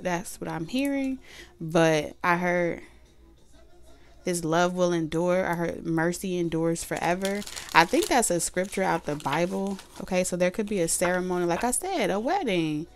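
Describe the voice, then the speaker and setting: Speaking at normal speed in a lowish voice, a tarot reader chats through a casual reading. She repeats herself, uses plenty of fillers and says her voice is going.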